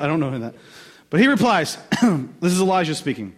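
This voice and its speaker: A man preaching a sermon in a conversational, animated way, with quick asides to the listeners. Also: medium pitch. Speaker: pastor.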